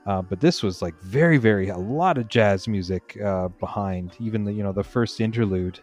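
A man hosts a casual album chat in a fairly low voice, excited and quick to cut across his own sentences. Faint music sits softly behind him. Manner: animated, self-interrupting, bursts of exclamation. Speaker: podcast host.

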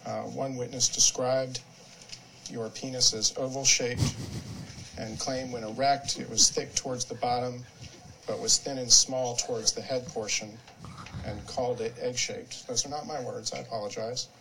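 A man's voice: medium pitch, fairly even intonation, moderate pace, vocal fry, slight background noise, rough recording. A man questioning a witness in a legal deposition, formal and apologetic. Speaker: questioning attorney.

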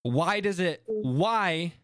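A man co-hosting a casual podcast chat, animated and quick to joke and laugh. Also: high-pitched, no room sound, studio quality. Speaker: podcast co-host.

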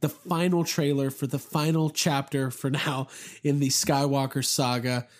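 A young man hosting a podcast in casual chat, excitable and rambling, poking fun at himself. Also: mid-range voice, measured pace. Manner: excitable, rambling, self-mocking. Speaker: podcast host.

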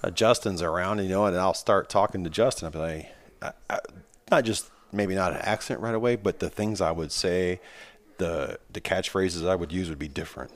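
A man's voice: deep voice, fairly quick. A man hosting a podcast, chatting casually on a microphone with headphones, rambling and joking as he tells stories. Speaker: podcast host. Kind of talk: casual chat.

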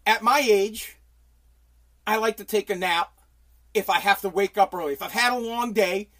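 In his home basement, a middle-aged U.S. man hosts a casual livestream and rants with profanity, exasperation and pleading. His voice is high and fairly bright, moving at normal speed.

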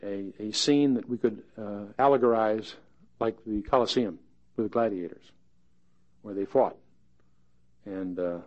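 A man teaching a conversational Bible study in a folksy, plain-spoken way with wry asides. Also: fairly low pitch. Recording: dull lo-fi podcast recording.

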